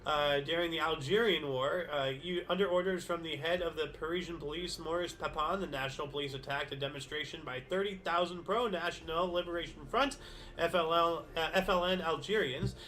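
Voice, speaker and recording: A man's voice: on the high side, brisk, pushed and bright. A man hosting a daily history show, reading dated events aloud and musing about them in a casual, rambling way with many fillers and self-corrections. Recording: faint background music.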